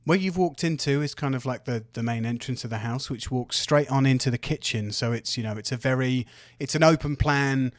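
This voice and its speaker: A man as dungeon master, narrating a tabletop game in a relaxed, descriptive way. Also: mid-range voice, brisk, few pauses, dry recording, clean studio sound.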